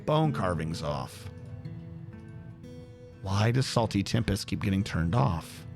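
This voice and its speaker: A man's voice: sits low, lively intonation, slow pace, vocal fry, music in the background. A man streaming a game, thinking aloud on a headset as he troubleshoots. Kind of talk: casual gameplay commentary.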